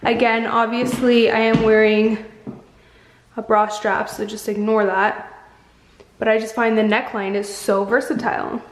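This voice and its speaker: A woman with a fairly high voice talks through a try-on clothing haul in an eager, casual way, sprinkling in "like" as she goes. Her voice bounces around a roomy space. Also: flat delivery, unhurried. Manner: chatty, enthusiastic, lots of "like". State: slightly out of breath. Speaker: fashion vlogger. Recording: echoey room.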